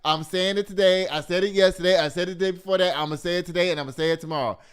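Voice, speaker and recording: A man's voice: sits high, fairly even intonation, rapid-fire, clear, resonant tone. A man hosting a casual news and gossip commentary show, talking straight to his viewers as "y'all" and swearing freely.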